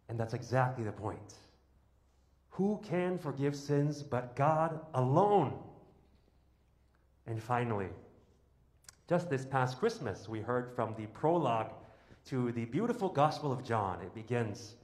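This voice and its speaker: A man's voice: medium pitch, animated, unhurried, long pauses. Emphatic male priest in an echoey church. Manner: emphatic, with rhetorical questions and lists. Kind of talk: homily.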